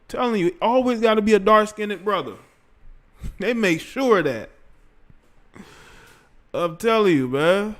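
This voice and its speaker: Slangy man hosting a livestream, fairly high. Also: animated, measured pace, long pauses, a bit bright. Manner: rambling, slangy, talks straight to the chat. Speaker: livestream host. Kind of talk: casual livestream commentary.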